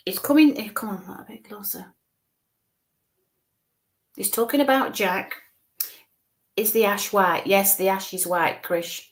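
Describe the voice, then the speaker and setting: A woman giving live psychic mediumship readings, reassuring viewers and softly coaxing spirits to come closer. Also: mid-range voice. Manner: reassuring, repeats "bless you" and "okay", coaxing spirits closer.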